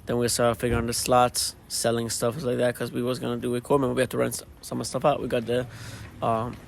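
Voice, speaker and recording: A man, a DJ and show organizer, hoarse after losing his voice, talking tiredly in a casual post-show interview. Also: medium pitch, completely flat delivery, fast talker, slight background noise. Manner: tired, laid-back, rambling with fillers. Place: at a live event venue after a show.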